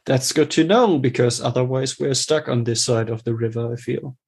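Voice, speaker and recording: A man's voice: medium pitch, normal speed, creaky, darkish tone, breathy edge. A man playing a tabletop game, talking casually in a dry, wry way and laughing at his failed rolls. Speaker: player.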